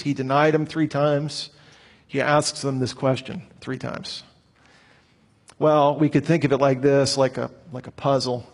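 A man's voice: medium pitch, moderate pace. Man lecturing in a reverberant hall. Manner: animated, rhetorical questions. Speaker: Bible teacher.

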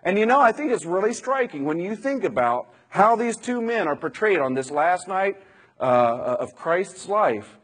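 Man, preacher, husky, high pitch, conversational sermon. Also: very animated, moderate pace. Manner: conversational, dramatizing scripture, rhetorical questions.

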